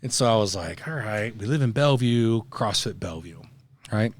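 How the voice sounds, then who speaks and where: A middle-aged man, a podcast guest, telling stories in a casual, animated way, full of slang and acted-out voices. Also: on the low side, moderate pace. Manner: animated, acts out voices in anecdotes; slangy, says "bro" often. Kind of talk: casual storytelling.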